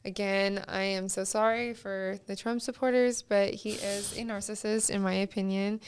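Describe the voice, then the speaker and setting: A young woman, a guest on a casual podcast, explaining ideas in a measured, lecturing way. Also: medium pitch, fairly even intonation, clean tone.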